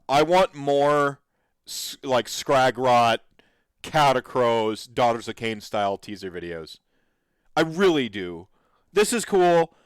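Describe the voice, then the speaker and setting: A man's voice: medium pitch, clean tone, dry recording. A man hosting a podcast, reacting to videos in an enthusiastic, rambling way with lots of fillers. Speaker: podcast host. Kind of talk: casual commentary reacting to videos.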